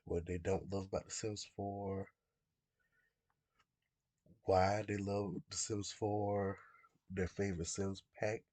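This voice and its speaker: A man's voice: deep voice, level tone, slow pace, pauses often, a little mellow, dry recording. A man in his twenties who is under the weather, casually chatting about a game as a YouTuber in a rambling, self-correcting way. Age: 20s. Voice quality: gravelly, husky. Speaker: gaming YouTuber. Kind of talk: casual chat.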